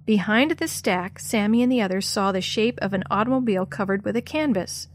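A woman narrating a children's chapter book aloud, telling it in a clear, expressive way. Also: mid-range voice, brisk, a little hiss or hum.

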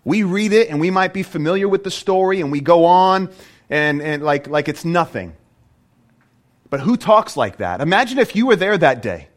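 A man preaching a sermon as a pastor, animated and full of rhetorical questions. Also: a little high, normal speed.

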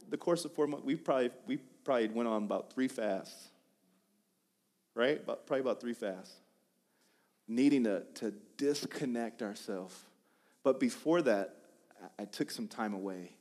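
A man preaching a sermon in a conversational, animated way, often restarting his phrases. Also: medium pitch, normal speed, long pauses. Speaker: pastor.

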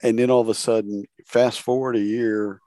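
A man's voice: fairly low pitch, little pitch movement, normal speed, warm tone, no echo, studio quality. A man hosting a podcast interview, chatting casually and rambling, often restarting his phrases. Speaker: podcast host.

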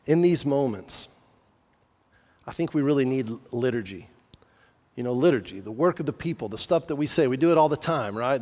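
A man's voice: fairly high pitch, mellow, in a large hall. A man preaching a sermon in an earnest, conversational way, often asking the listeners questions. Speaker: pastor.

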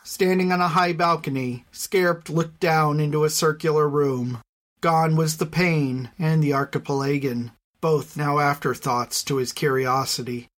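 An audiobook narrator reading a fantasy story in a measured, even storytelling voice. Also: medium pitch. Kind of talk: scripted narration.

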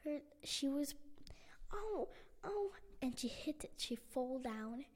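A woman narrating a bedtime story in simple, halting sentences with restarts. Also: high-pitched, steady tone. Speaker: podcast storyteller.

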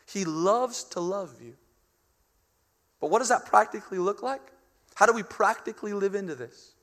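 A young man preaching with a high voice that rings out through a large hall with a long reverb. He swings between loud, urgent calls and hushed, intimate passages. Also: lively intonation, normal speed. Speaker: pastor. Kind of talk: sermon.

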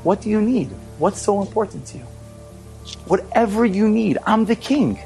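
A man playing a kindly king who speaks gently and reassuringly to a child. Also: high-pitched, expressive, moderate pace, creaky, soft background music, pitched above the performer's own voice. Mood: gentle.

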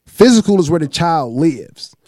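A man, host of a chat show, telling a long story in a profane, animated way and acting out what others said. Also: a little high, moderate pace, no room sound. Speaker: podcast host.

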